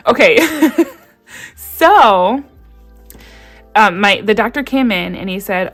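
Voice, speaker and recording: Animated woman telling a story. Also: medium pitch, slow, pauses often, soft background music. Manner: animated storytelling with frequent laughs and acted-out quotes. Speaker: vlogger. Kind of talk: casual story time.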